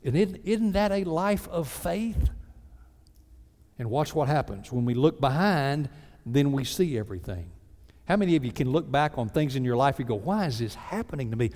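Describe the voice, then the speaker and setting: A man preaching a sermon as a pastor, lively and acting out mock prayers in other voices. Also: on the high side, moderate pace. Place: church sanctuary. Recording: reverberant church sanctuary.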